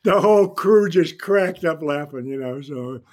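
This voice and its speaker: An older man, a guest actor on an interview podcast, telling anecdotes in a casual, animated way and acting out the lines he quotes. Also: a little high, unhurried.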